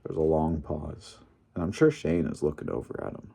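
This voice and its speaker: A young man recapping a wrestling tournament in a casual vlog, animated and opinionated, with some mild swearing. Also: very deep voice, moderate pace, vocal fry, breathy edge. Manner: animated, opinionated, mildly profane. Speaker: wrestling fan commentator.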